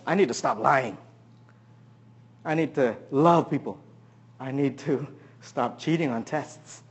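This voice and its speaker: A man preaching a sermon, who keeps asking the congregation questions and swings between loud emphasis and quiet asides. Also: mid-range voice, breathy edge, lo-fi sound. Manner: asks the audience many questions. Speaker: pastor.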